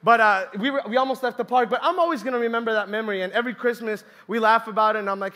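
A young man from Colombia gives a church talk as an animated, chatty story, full of acted-out quotes. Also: sits high, rapid-fire, few pauses. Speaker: church speaker. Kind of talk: humorous sermon storytelling.

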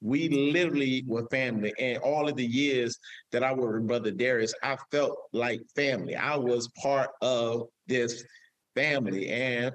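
A man's voice: mid-range voice, normal speed, no echo. A man hosting a live show, emotional and preacher-like, repeating his phrases for emphasis. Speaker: show host.

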